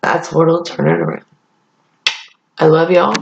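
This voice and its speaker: A woman's voice: deep voice, big pitch swings, unhurried, creaky, noisy background. A young woman vlogger rambling in a casual chat, blunt and profane. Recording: echoey room, dull lo-fi sound.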